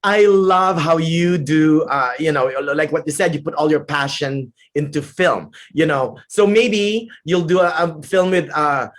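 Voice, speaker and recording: A man hosting a film interview, enthusiastic and quick to laugh. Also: fairly high pitch. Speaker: interview host, film critic. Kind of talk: conversational interview.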